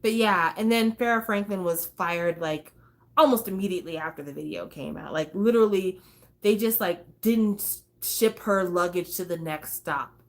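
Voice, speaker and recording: A woman's voice: fairly low pitch, moderate pace. A woman hosting a casual talk stream, chatty and swearing, breaking into snatches of songs. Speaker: host. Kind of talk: casual chat.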